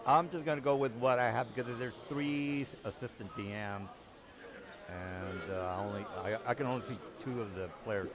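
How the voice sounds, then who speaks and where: A man narrating a tabletop game as game master, halting with many ums and restarts. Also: mid-range voice, crowd noise.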